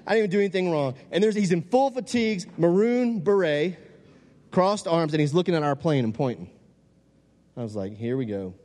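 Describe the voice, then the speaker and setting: Guy preaching, jokey storytelling, bit high voice, lots of hall echo. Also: a little fast. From Louisiana, USA. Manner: animated, joking, acts out quoted voices. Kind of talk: humorous storytelling talk to an audience. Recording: long hall reverb.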